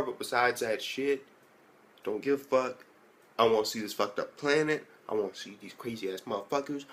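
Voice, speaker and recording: A man giving a casual spoken anime episode review, rambling and swearing heavily with lots of "like" fillers. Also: medium pitch.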